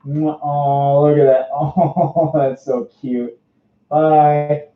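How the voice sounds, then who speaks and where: A man in his twenties with a Minnesota accent, hosting a casual livestream interview. He talks from inside a costume suit, rambling, bubbly and quick to laugh. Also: on the high side, flat delivery. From Minnesota, USA. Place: indoors, speaking from inside a fursuit. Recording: roomy, dull lo-fi stream audio.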